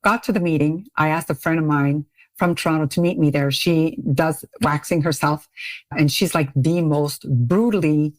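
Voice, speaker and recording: A middle-aged woman guest on a podcast, telling her story in casual chat and acting out quoted voices with big pitch jumps and frequent laughs. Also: moderate pace, dry recording. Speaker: podcast guest, beauty brand CEO. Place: Ontario, Canada.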